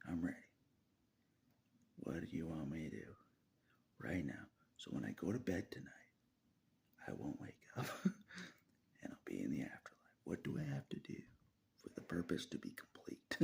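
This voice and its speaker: Male solo vlogger, low raspy voice, rambling monologue with chuckles, pitch all over the place. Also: wildly swooping pitch, normal speed, pauses often, whispered. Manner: swings from loud outbursts to low muttering with frequent laughs. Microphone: camera mic.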